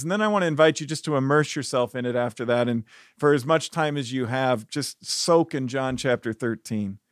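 A man teaching a short devotional Bible lesson on a podcast, earnest and reflective, with soft laughs and small restarts. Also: a little high, no echo, clean studio sound.

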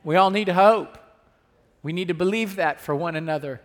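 A male pastor preaching a sermon with call-and-response asides, moving between hushed and loud delivery. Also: high-pitched, moderate pace, long reverb tail.

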